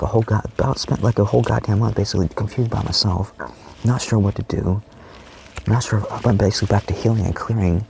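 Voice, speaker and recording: A man's voice: fairly low pitch, creaky, darkish tone, a little hiss or hum. A young man talking in a rambling personal monologue, swearing constantly and often dropping his voice to a whisper. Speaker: vlogger.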